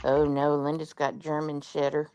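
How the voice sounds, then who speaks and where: A woman chatting casually with a friend and telling lively everyday anecdotes. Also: deep voice, normal speed, smooth, lo-fi sound. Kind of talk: casual chat.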